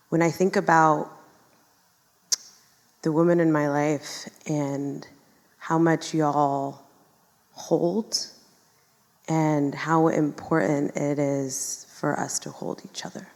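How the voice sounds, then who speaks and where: A low-pitched woman thinks aloud on a live panel, reflective and unhurried in her phrasing, full of small asides. The sound rings with a long hall reverb. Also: steady tone, darkish tone. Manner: reflective, many fillers and asides. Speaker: panel guest. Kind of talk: live panel conversation before an audience.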